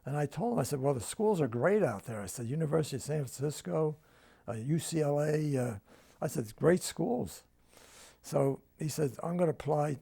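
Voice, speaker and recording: A man's voice: a little high, expressive, moderate pace, creaky, mellow, slightly rough. An older man with a New Jersey accent, telling family stories in an oral history interview at home and acting out the dialogue. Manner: storytelling, acts out quoted dialogue.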